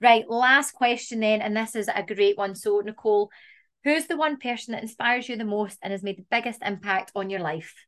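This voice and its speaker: A woman with a Scottish accent co-hosting a podcast, telling self-mocking stories in an animated, laughing way. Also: mid-range voice, moderate pace. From Scotland. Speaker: podcast co-host. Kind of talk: casual storytelling.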